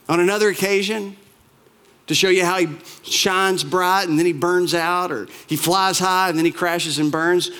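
A man preaching a sermon as a pastor, retelling scripture stories with animated asides and acted-out quotes. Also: fairly high pitch. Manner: animated storytelling, acts out quoted lines.

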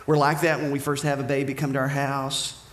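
A man preaching a sermon as pastor, animated, dropping to hushed whispers and rising to shouted emphasis. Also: medium pitch, fairly quick, echoey room.

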